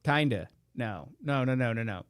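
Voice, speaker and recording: Man, podcast host, profane and sarcastic, dry close mic, mid-pitched voice. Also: animated, normal speed, smooth, no room sound. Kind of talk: casual live podcast chat. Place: indoor room beside a meeting room. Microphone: headphones and close studio mic.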